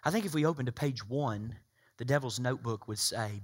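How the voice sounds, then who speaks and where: A man from Tennessee, preaching a sermon as pastor. He swings from loud, emphatic preaching to hushed, intimate asides. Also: medium pitch, brisk. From Tennessee, USA.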